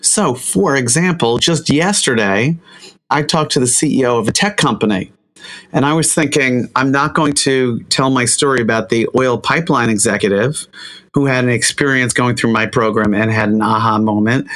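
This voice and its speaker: Man in a mid-pitched coaching tone. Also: moderate pace, a bit bright. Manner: coaching, storytelling with emphasis. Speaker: media trainer, interview guest. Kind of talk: conversational interview.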